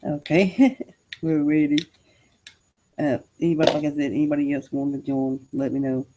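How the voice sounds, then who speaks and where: A man hosting a live stream while he paints, laid-back, chatting with short replies and soft laughs. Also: on the high side, flat delivery, moderate pace, a little hiss or hum. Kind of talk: casual chat.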